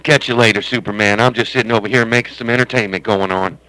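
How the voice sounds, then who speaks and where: A man's voice: lowish voice, fairly even intonation, fast, bright, forceful tone, rough recording. A man hosting a CB radio stream from his home base station, chatting in a rambling, joking, folksy way. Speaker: CB radio operator and stream host. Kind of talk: casual radio chat.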